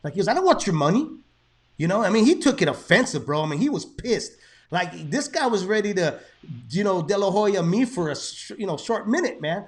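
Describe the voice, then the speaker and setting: A man in his thirties with a fairly high voice. He hosts a boxing show in a laid-back, chatty way, swearing freely as he tells stories. He slips into Spanish now and then. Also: very animated, brisk. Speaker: boxing podcast host. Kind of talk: casual chat.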